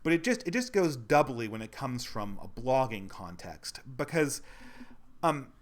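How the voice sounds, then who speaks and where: A man's voice: mid-range voice, big pitch swings, measured pace. A man in his thirties giving a critical commentary monologue, talking conversationally, restarting and repeating phrases, sounding irritated. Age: 30s. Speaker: channel host.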